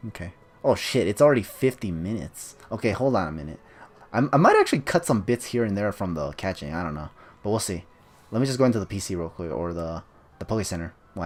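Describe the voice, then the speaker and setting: A man's voice: sits low, a little mellow. A man giving casual let's-play commentary, offhand and rambling with joking asides. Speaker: gameplay commentator.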